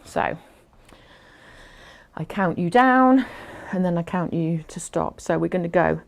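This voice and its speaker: Lady doing a chatty exercise class, slow and encouraging, bit puffed out. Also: on the low side, animated, creaky. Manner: encouraging, chatty, counts down aloud. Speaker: fitness instructor.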